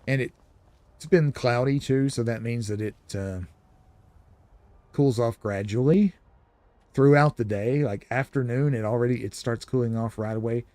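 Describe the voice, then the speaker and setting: A man's voice: mid-range voice, moderate pace, pauses often, mellow, dry recording. A man giving casual, rambling commentary while streaming a video game. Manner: chatty, rambling, explanatory. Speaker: gaming streamer.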